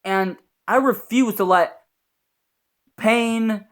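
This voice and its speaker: A man's voice: high voice, very slow. A young man giving a blunt, profane, earnest motivational talk as a YouTuber. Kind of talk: motivational vlog monologue.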